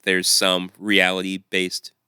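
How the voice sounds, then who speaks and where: A man's voice: sits low, monotone, slow, bright, forceful tone, clean tone, no room sound. A middle-aged man co-hosting a casual podcast, dropping dry wisecracks. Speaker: podcast co-host. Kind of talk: casual chat.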